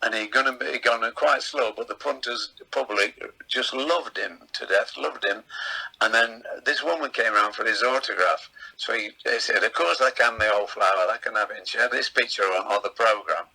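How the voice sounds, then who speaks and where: An older man from England, a veteran comedian, telling rambling anecdotes in a relaxed chatty way. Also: medium pitch, normal speed, gravelly, slightly rough, low-quality recording. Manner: chatty, rambling anecdotes with playful voices in quotes.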